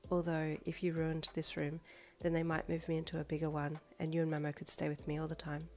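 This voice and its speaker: A woman voicing a deadpan, quiet teenage girl classmate who speaks low and soft. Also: brisk. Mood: dry.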